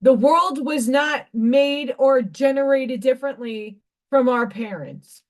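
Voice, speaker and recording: A woman hosts a casual live stream and speaks in a slow, unhurried way. Her voice sits a little high. She preaches about inner change with heated conviction and swears freely. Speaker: livestream craft host.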